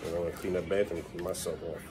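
A man's voice: low voice, little pitch movement, racing, noisy background. A man in his thirties, a father filming a casual family vlog at home, teasing and coaxing his young kids. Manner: playful teasing dad, coaxing and praising kids.

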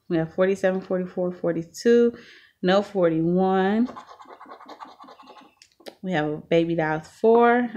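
A woman co-hosting a lottery ticket scratching video, talking casually and breaking into loud cheers. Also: on the low side, slight background noise. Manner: upbeat, bursts into loud cheers. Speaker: channel co-host.

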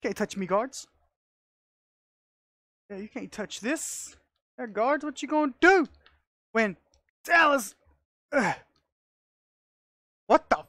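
Excitable woman narrating her gameplay. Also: on the high side, takes it slowly, pauses often, no echo, studio quality. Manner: excitable, talks to herself, laughs often. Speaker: gamer. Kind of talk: casual gameplay commentary.

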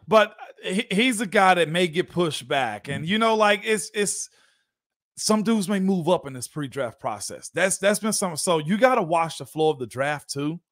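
A man chatting loosely on a sports talk show, laughing often as he talks. His voice sits a little high, and it is recorded close and dry with no room sound. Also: animated, normal speed, fairly bright tone, no room sound. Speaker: former NFL guard and show host.

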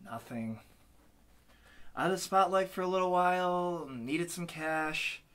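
An actor playing a self-pitying, dim-witted fallen pop star in a mockumentary interview, speaking flatly. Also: male voice, high voice, unhurried, clean tone. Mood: glum.

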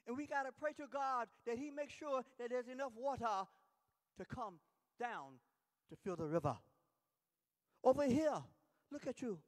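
A man's voice: very high voice, animated, normal speed, pauses often, big-room sound, pitched above the performer's own voice. A man voicing a frank young Nigerian seminary student who insistently scolds his listener. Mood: blunt.

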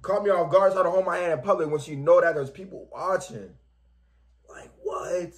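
A man's voice: high voice, fast. A man hosting a music reaction video, chatting casually, calling everyone "man" and "bro" and rapping along with the track. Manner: laid-back, says "man" and "bro" constantly, raps along with the track. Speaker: reaction channel host.

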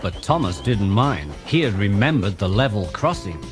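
Expressive man reading a storybook. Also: fairly low pitch, normal speed. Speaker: narrator. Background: music.

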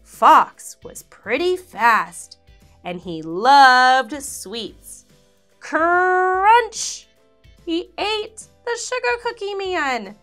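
A woman hosting a children's read-aloud, telling the story in an expressive, sing-song way. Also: sits high, very slow, soft background music.

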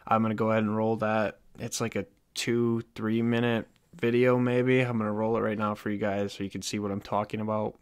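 A man's voice: fairly low pitch, little pitch movement, a little fast, hardly any pauses, clear, resonant tone, dry recording, clean studio sound. A man talking casually to his viewers as a sports fan vlogger, candid and self-deprecating. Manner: conversational, addressing viewers directly. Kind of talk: casual talk to camera.

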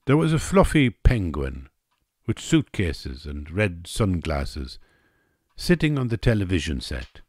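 An Irish man narrating a wry story at an easy, slow pace. His voice sits very low but moves expressively, and the sound is close and dry. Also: big pitch swings, a little mellow, dry recording. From Ireland.

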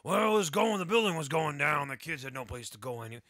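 A man voicing a trio of cheerful, savage bears who chant a shouted sing-song jingle. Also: fairly high pitch, sing-song, fast talker, no room sound, studio quality. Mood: matter-of-fact. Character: three singing bears, cheerful and gleefully savage.

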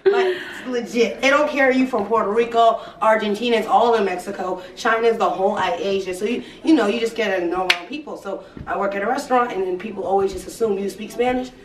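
A young woman chatting with family, telling lively stories with lots of laughter and bits of Spanish. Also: mid-range voice, fast, few pauses, distant mic, a little hiss or hum. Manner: animated, laughing storyteller who switches into Spanish. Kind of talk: casual chat. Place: family home during hurricane evacuation. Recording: echoey room, voice off-mic, crowd chatter.

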